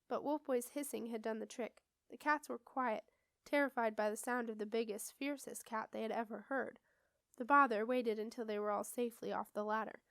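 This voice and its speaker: A woman's voice: on the high side, moderate pace, vocal fry, no echo. Woman reading a storybook, dry close sound. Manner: steady expressive read-aloud. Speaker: audiobook reader. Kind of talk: storybook narration.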